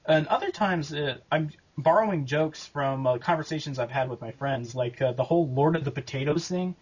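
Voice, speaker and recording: A man answering interview questions about making his abridged series, talking casually and haltingly with lots of fillers and restarts. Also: a little high, slightly rough, lo-fi sound. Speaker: abridged series creator and voice actor.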